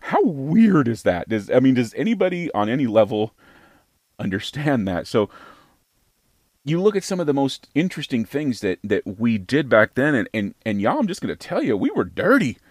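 A man's voice: mid-range voice, very animated, normal speed, dry recording, studio quality. An American man hosting a podcast, giving an opinionated monologue in an emphatic, rhetorical way that repeats phrases for effect. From United States. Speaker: podcast host.

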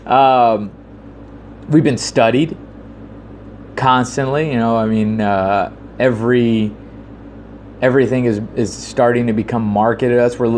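A man giving a casual commentary monologue, rambling with frequent fillers and restarts, growing animated when he retells a story. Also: medium pitch, slight background noise.

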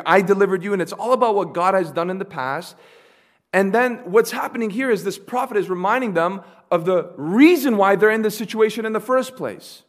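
A man with a fairly high voice preaches a sermon. He asks the congregation questions and waits for their answers. He moves from soft, low asides to loud, emphatic declarations. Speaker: pastor.

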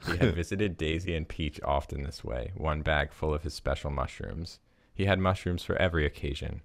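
A very deep-voiced man with a gravelly, creaky tone reads a story aloud for a podcast, chuckling now and then. In casual chat he fills his talk with "like". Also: normal speed, few pauses, no echo. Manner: laughs while reading, lots of fillers in chat. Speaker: podcast co-host.

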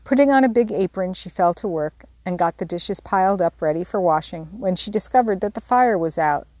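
A woman reading a classic novel aloud as an audiobook narrator, in a steady, measured storytelling voice. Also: lowish voice, no room sound. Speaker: audiobook reader. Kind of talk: scripted narration.

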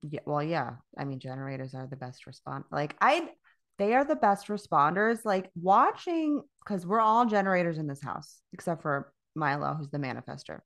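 A woman's voice: low-pitched, lively intonation, normal speed, a bit bright. A woman co-hosting a casual chat, candid and profane, often laughing as she talks. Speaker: podcast co-host.

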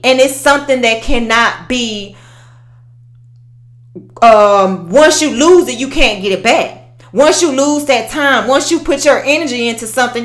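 A woman's voice: on the high side, fairly bright tone. A woman, ranting bluntly and profanely in a casual opinion monologue. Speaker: social media commentator. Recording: echoey room.

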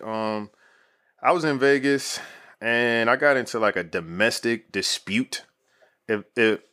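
A man's voice: medium pitch, fairly bright tone, clear, resonant tone. A man in his thirties telling a story in casual, slangy talk full of "like" fillers. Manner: laid-back, slangy, lots of "like" fillers.

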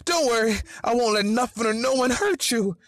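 Man doing an excitable, cocky teenage boy. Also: very high-pitched, moderate pace, voice pushed up. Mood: eager. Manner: loud, excited yelling.

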